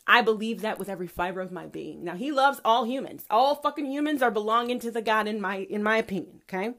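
A woman host ranting in a fiery, preachy monologue full of profanity. Her voice sits fairly high. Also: expressive, quick pace, a bit bright. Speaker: podcast host. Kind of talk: impassioned monologue.

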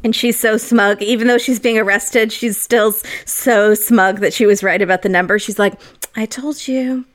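A woman's voice: medium pitch, flat delivery, normal speed, hardly any pauses. Wry woman in casual chat.

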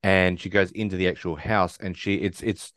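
A man's voice: sits low, fairly even intonation, moderate pace, a bit bright, dry recording, studio quality. A man co-hosting a podcast, casually retelling a movie's plot and acting out the characters' lines. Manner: rambling, restarts and acts out quotes. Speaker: podcast co-host. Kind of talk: casual movie recap chat.

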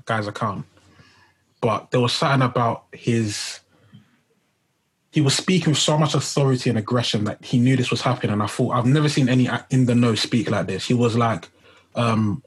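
Husky-voiced excited man chatting football. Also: medium pitch, low-quality recording. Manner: excited, chatty, lots of fillers like "man" and "I can't lie". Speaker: podcast co-host. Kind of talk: casual football podcast chat.

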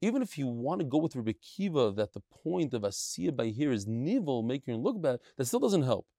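A man giving a lively, chatty Talmud lesson, mixing Yiddish and Hebrew terms. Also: medium pitch, brisk, dry recording, studio quality. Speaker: Talmud teacher giving a daily daf shiur.

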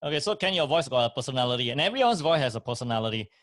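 A man's voice: medium pitch, very animated, very fast, a bit bright, dry recording, studio quality. A man giving emphatic, repetitive speaking advice on a talk show, with frequent fillers. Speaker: voice and speaking coach.

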